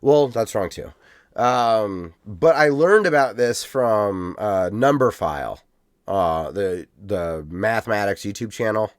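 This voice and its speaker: Man, podcast co-host, casual chat, lively pitch swings, rambling, dry close mic. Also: slow, no room sound. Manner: animated, rambling, swears casually.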